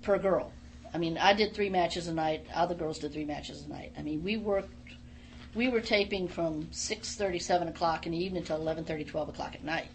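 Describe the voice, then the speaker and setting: Animated middle-aged woman telling stories. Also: on the low side, brisk, a little hiss or hum. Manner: animated, emphatic storyteller. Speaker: guest, former wrestler. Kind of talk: casual radio interview storytelling. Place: radio studio.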